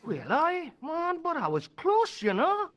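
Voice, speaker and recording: Boozy Geordie football lad, high voice, lively swoops, matey and slurring, video game. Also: male voice, unhurried, exaggerated voice. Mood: boozy banter. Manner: loud, matey, slurring banter. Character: drunken male Geordie football fan, cheeky and boozy.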